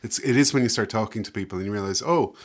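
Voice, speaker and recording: A man's voice: fairly low pitch, rapid-fire. A man talking reflectively as a guest about his book, often hesitating and laughing. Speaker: author and guest. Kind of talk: casual conversation.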